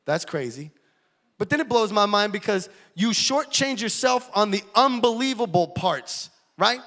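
A man giving a lively, joking church testimony as guest speaker. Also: high-pitched, measured pace, long reverb tail. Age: 30s. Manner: energetic, jokey, casual preacher talk. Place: church auditorium.

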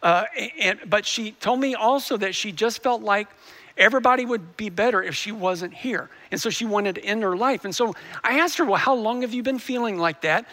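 A man's voice: sits high, brisk, sharp tone. A male pastor preaching a sermon, earnestly telling a story and often restarting his sentences.

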